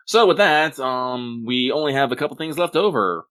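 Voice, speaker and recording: A man's voice: medium pitch, expressive, moderate pace, hardly any pauses, fairly bright tone. A man co-hosting a podcast and reading listener mail, playful and jokey with mock-dramatic asides. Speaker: podcast co-host reading mailbag. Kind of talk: casual chat.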